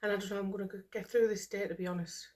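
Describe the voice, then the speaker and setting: Speaking very fast in a steady, mid-range voice with a darkish tone, a middle-aged British woman chats to her camera. She's been crying all morning and sounds overwhelmed and emotional, sighing often and saying the same things again.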